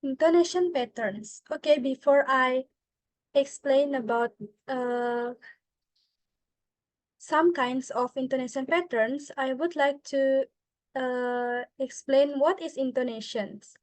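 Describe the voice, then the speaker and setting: Slow, high-voiced young Indonesian woman. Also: dry recording. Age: young adult. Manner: hesitant, many filler "uh"s, switching between English and Indonesian. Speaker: student presenter. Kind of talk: classroom presentation.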